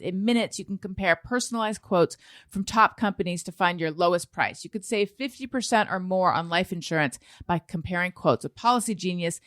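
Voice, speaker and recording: A woman's voice: medium pitch, fairly bright tone, no room sound, studio quality. A woman hosting a comedy podcast, reading an ad and chatting casually. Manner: reads ad then chats, mocking gushing voices. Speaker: podcast host.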